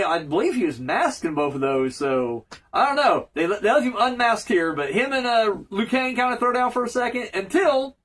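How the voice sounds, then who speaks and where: Lively high-voiced man recapping casually. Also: breathy edge, rough recording. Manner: rambling, profane, joking asides. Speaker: cartoon reviewer.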